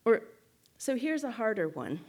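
A woman giving a reflective spoken teaching to a group, measured and thoughtful, often checking in with "right?" and restarting phrases. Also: fairly high pitch, big pitch swings, a little mellow. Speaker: guest speaker.

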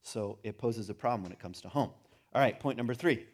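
A middle-aged man speaks to a gathering in an unscripted lecture, his voice sitting at an ordinary pitch. He drifts between casual asides and bursts of animated emphasis. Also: a little fast. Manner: conversational, rising to animated emphasis. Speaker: speaker on religion and home. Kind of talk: informal lecture to a group.

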